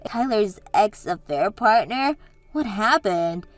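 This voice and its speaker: A woman's voice: medium pitch, expressive, takes it slowly, faint music behind. A woman voicing Katie, a bubbly and encouraging sister and maid of honor, in a scripted story drama. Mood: cheerful.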